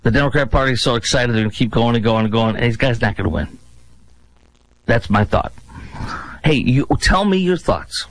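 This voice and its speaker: Filling in as a talk radio host, a man delivers sarcastic, mocking political commentary with big, exaggerated swings in pitch. He's animated and brisk but pauses often, and the recording is rough.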